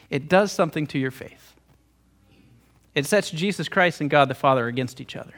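A man's voice: a little high, a little fast, bright, forceful tone. A man, a pastor and theologian, preaching an emotional storytelling sermon, often stumbling into repeated words.

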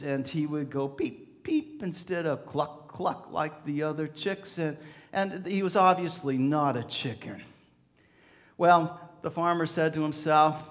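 A man preaching a storytelling sermon, animated, swelling and softening, often repeating words. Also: on the high side, moderate pace. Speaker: pastor.

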